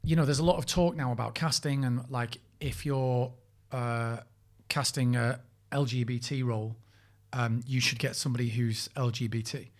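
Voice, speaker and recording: A man's voice: mid-range voice, moderate pace, hardly any pauses. A middle-aged British man, an actor co-hosting a podcast, telling a meandering story full of restarts and the odd swear. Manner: rambling storyteller, many restarts, swears when animated. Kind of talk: casual chat.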